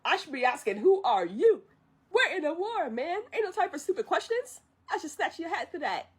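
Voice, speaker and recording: Brash little male dragon sidekick, high and quick, bossy, sassy, put on by a woman. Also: sing-song.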